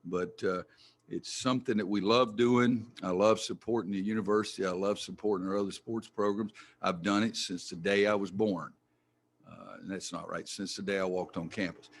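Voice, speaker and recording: An older man speaks at a press conference as a head coach. His voice is low and gravelly with plenty of fry, and he talks in a folksy, blunt way, sometimes swearing mildly as he gets worked up. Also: steady tone, normal speed.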